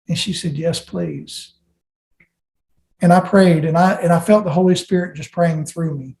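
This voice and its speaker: A man's voice: on the high side, steady tone, normal speed, gravelly, mellow. A man giving an earnest personal testimony as an interview guest, often restarting his sentences. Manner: earnest storytelling with frequent restarts. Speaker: interview guest, plane crash survivor. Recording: roomy echo.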